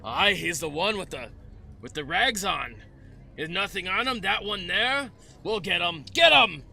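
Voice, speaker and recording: A rowdy guard barks out his words in a loud, raised voice that sounds bright and sharp. A man acts him out for a tabletop game. The voice sits higher than an everyday speaking voice. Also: measured pace, creaky, exaggerated voice. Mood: eager, shouting. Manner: loud, excited, higher-pitched barking.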